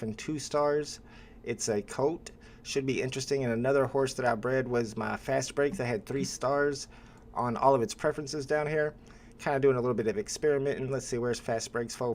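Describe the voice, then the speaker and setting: A man hosting a live stream, chatting casually with viewers and pausing often with "uh" as he talks. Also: mid-range voice. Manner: relaxed, chatty, with frequent "uh" pauses.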